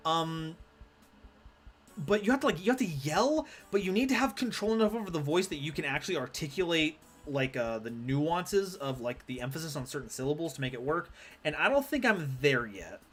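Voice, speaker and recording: A man's voice: fairly high pitch, big pitch swings, a little fast, fairly bright tone, faint music behind. A man streaming a card game live, rambling and self-deprecating as he chats with his viewers. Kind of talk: live gameplay commentary.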